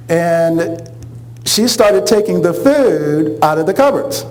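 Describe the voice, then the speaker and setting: A man's voice: on the high side, unhurried, rough recording. A middle-aged man telling a funny personal story, acting out the voices of the people in it. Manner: animated, acts out quoted voices, laughs along.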